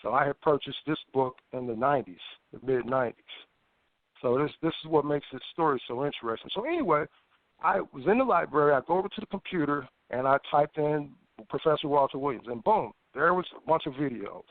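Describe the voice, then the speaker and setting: A man's voice: on the high side, a little fast, no room sound. Man telling his story over a tinny phone line. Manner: animated, stammering restarts, acts out his own past thoughts. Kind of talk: casual phone interview storytelling.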